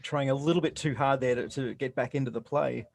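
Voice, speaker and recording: Gravelly-voiced man breaking down basketball. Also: medium pitch, a little fast, no room sound. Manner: relaxed, explanatory, with restarts. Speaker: color commentator. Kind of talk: casual game analysis.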